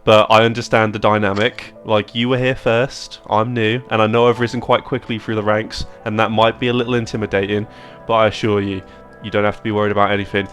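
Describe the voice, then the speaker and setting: A man's voice: on the low side, level tone, fast, few pauses, fairly bright tone, faint music behind, close to an everyday voice. A man voicing a common sailor who puts on airs as a pompous ship captain, speaking. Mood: defensive. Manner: pompous, self-justifying.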